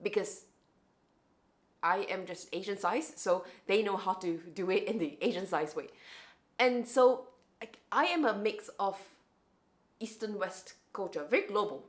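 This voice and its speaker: A young adult woman vlogging to camera in a casual, reflective way, often restarting and repeating words. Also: mid-range voice.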